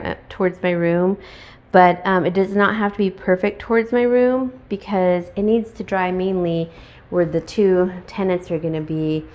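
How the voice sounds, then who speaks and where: A woman narrating her home painting job in a casual vlog, rambling with fillers and small laughs, hurried for time. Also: lowish voice, fairly even intonation, darkish tone, muffled recording. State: hurried, under time pressure. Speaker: DIY vlogger. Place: inside a house, on the stairs and landing.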